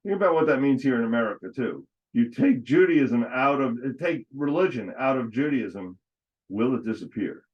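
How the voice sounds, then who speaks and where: A man's voice: medium pitch, animated. A man giving an adult education history lecture, often breaking off mid-word and correcting himself. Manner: halting, frequent false starts and self-corrections. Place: congregation classroom. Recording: dull lo-fi recording.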